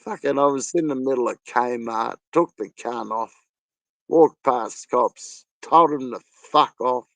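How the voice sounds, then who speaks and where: A man's voice: medium pitch, measured pace, fairly bright tone, dry recording. A man chatting casually on a live stream, laughing often and bantering crudely.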